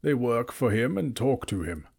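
A man's voice: mid-range voice, big pitch swings, normal speed, gravelly, a little mellow, slightly rough, full character voice. A man reading aloud, voicing an old male wizard who lectures emphatically and turns cross easily. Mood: stern.

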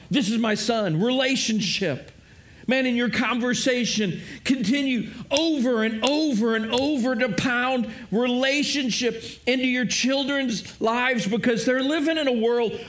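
A man preaching a sermon in an earnest way, often repeating words and speaking directly to his listeners. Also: extremely high pitch. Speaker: pastor.

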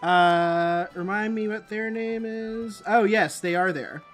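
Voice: medium pitch, takes it slowly, faint music behind. Casual game master narrating. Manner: casual, laughing often, with filler words.

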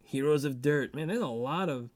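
Casual podcast guy, kinda high voice, rambly, says man a lot, dry mic. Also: moderate pace, darkish tone, dry recording. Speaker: podcast co-host. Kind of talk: casual chat.

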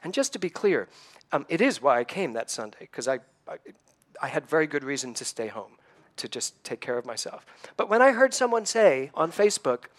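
A man in his sixties speaks from the pulpit in an earnest, storytelling way, turning to his listeners with questions. His voice sits at an ordinary middle pitch and carries a slight emotional edge. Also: expressive, fairly quick. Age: 60s. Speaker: church speaker. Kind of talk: conversational sermon.

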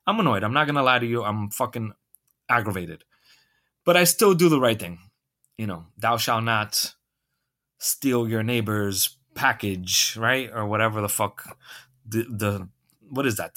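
A man's voice: mid-range voice, bright, forceful tone. A man hosting a podcast, telling a story in a profane, ranting and sarcastic way. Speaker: podcast host. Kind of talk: comedic storytelling monologue.

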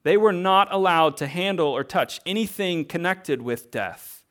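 A man's voice: sits high, lively intonation, a little slow, fairly bright tone, clean tone. Earnest man preaching a sermon. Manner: earnest, conversational preaching with rhetorical questions. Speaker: pastor.

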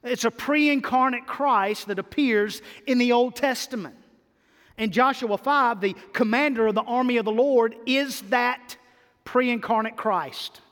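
A male pastor preaching in a church sanctuary with a high, bright-pitched voice. His delivery swings from loud, emphatic bursts to quiet, stretched-out lines. A long reverb trails every phrase. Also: measured pace. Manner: animated preaching with sudden loud and soft swings. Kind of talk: sermon.

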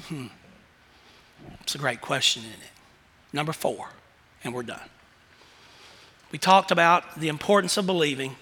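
A man preaching a sermon, moving from hushed questions to loud, shouted emphasis. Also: a little high, expressive, measured pace, long pauses, slightly rough. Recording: long hall reverb.

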